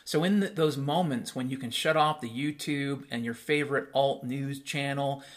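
Speaking straight to his listeners, a podcast host delivers a blunt, sarcastic solo rant packed with swearing and rhetorical questions. His voice is medium in pitch and his pace is normal.

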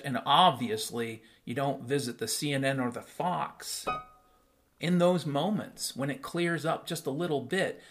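A man's voice: fairly high pitch, a bit bright. A man hosting a solo podcast, talking straight to his listeners in a blunt, sarcastic rant full of swearing and rhetorical questions. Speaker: podcast host.

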